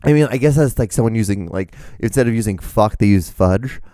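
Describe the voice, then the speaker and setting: His pitch is fairly low and his pace brisk, with a warm tone in a dry, clean studio recording. He's a podcast host going solo indoors while it rains outside, earphones on at the microphone, rambling with profanity and self-mockery.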